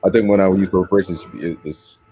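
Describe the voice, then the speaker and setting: A man's voice: low-pitched, fairly even intonation, quick pace, dark tone, soft background music. A man arguing his point in a casual discussion, emphatic and swearing freely. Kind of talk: casual debate chat.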